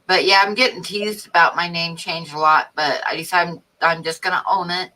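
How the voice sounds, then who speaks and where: A woman's voice: on the low side, steady tone, brisk, bright, forceful tone, rough recording. A woman who hosts a livestream and chats lightly, giggling as she talks. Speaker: channel host. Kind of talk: casual group chat on a livestream.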